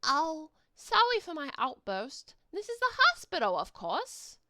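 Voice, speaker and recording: A woman voicing a small, slimy, cranky creature that complains and shouts, reading a webcomic aloud. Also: high-pitched, huge pitch swings, measured pace, no room sound, clean studio sound, pitched above the performer's own voice, exaggerated voice. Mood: chirpy.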